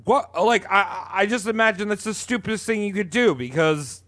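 A man's voice: high-pitched, normal speed, pushed and bright. A man joking around as a podcast co-host, rambling and crude and full of fillers. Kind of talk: casual banter.

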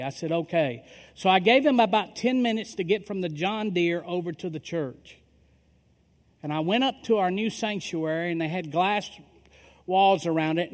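Storytelling pastor in a reverberant hall. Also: male voice, fairly high pitch. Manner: animated storyteller acting out quoted dialogue. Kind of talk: sermon storytelling. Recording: long reverb of a large hall.

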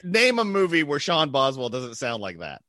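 A man's voice: medium pitch, huge pitch swings, normal speed, sharp tone, dry recording, clean studio sound. A man casually chatting about a movie trailer as a co-host, joking and dropping into silly impressions. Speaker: podcast co-host.

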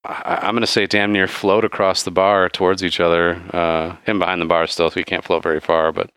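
A man narrating a tabletop role-playing game as game master, casual and quick to laugh, swearing freely. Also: sits low, level tone, a bit bright, clean tone, no room sound.

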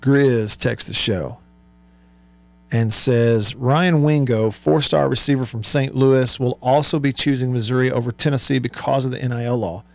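A man's voice: medium pitch, steady tone, moderate pace, vocal fry. A man hosting a sports call-in show, reading listener texts aloud and musing over them in a chatty way, with many fillers. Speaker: sports radio host.

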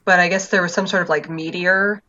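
A woman's voice: lowish voice, fairly even intonation, a little fast, sharp tone. A woman casually chatting on a podcast, telling game stories with lots of fillers and laughs. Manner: rambling storyteller, frequent fillers and laughs. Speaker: podcast co-host. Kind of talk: casual chat about a video game. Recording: dull lo-fi sound.

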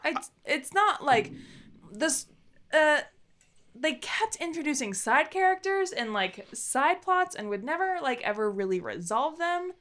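A woman's voice: sits high, measured pace. A woman in casual group chat, acting out little quoted voices as she talks. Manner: animated, acts out quotes in voices. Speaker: podcast co-host.

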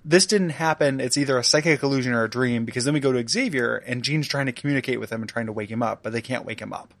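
A man's voice: mid-range voice, fast talker, vocal fry, no echo, studio quality. A man co-hosting a casual podcast, rambling with many restarts and laughing often. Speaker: podcast co-host. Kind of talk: casual chat.

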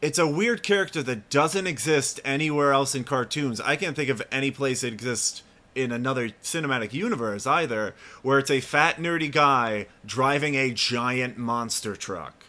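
A man's voice: mid-range voice, normal speed, sharp tone. A man co-hosting a podcast, chatting loosely about a film and laughing easily. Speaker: podcast co-host. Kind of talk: casual film discussion.

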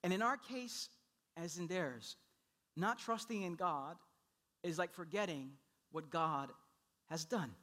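A man's voice: high voice, slow pace, pauses often, sharp tone. A young adult man, a pastor, preaching a sermon and telling a story about his baby son with playful voices and laughter.

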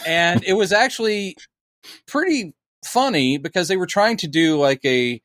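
Podcast co-host, man, animated storyteller who acts out lines, dry close mic. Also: high voice, a little slow, no room sound. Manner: animated storytelling, acting out quotes. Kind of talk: casual chat.

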